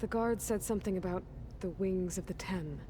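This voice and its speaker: A woman's voice: on the low side, normal speed, noisy background, close to an everyday voice. An actress playing a determined young woman hunter and leader in a video game, speaking in a direct, plain way. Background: game music.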